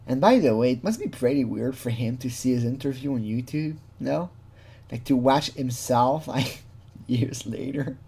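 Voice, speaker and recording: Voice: mid-range voice, mellow. Chatty, swearing true crime commentator. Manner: chatty, laughs often, swears, mimics people in quotes. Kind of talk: casual reaction commentary.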